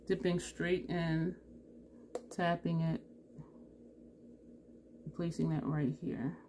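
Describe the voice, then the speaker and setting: A woman's voice: on the low side, level tone, slow pace, mellow, slight background noise. A woman vlogger chatting through a makeup tutorial, thinking aloud and correcting herself as she goes. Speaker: beauty vlogger.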